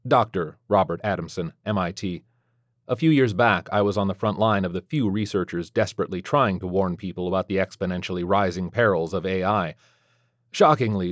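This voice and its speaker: Man, scripted first-person narration, sardonic, dry wit, lowish voice, dead-dry sound. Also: no echo.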